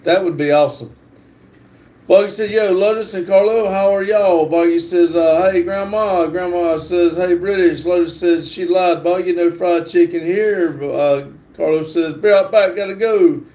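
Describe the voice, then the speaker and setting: A man's voice: high voice, steady tone, moderate pace, warm tone. A man hosting a casual livestream, reading viewers' comments aloud. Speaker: livestream host.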